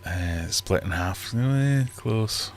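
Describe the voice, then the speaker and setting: A man's voice: fairly low pitch, animated, drawn-out words, a little hiss or hum. A middle-aged Scottish man hosting a live stream from his home fish room, chatting in a rambling, self-deprecating way. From Scotland. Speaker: livestream host. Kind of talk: casual live-stream chat.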